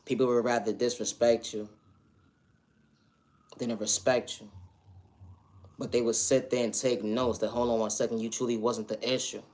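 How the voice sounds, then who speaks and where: A man delivering an earnest spiritual motivational monologue, repeating affirmations and now and then breaking into loud, high shouted refrains. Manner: repetitive affirmations, earnest and emphatic. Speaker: spiritual vlogger.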